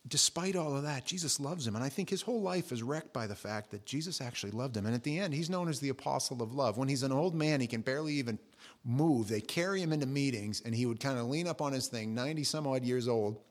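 Animated man preaching a sermon. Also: fast. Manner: animated storytelling, acting out quotes with jumps in pitch and volume. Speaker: pastor.

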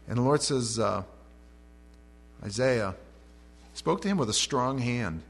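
This pastor's medium-pitched voice is creaky and lively in intonation, moving at a measured pace with frequent pauses. He works through an expository sermon verse by verse, reading scripture and restating it in casual, modern language, over a faint mains hum.

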